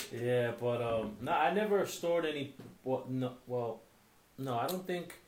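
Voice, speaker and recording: Relaxed, hesitant male co-host, middle pitch, roomy echo. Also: slow. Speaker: podcast co-host. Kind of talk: casual chat. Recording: echoey room.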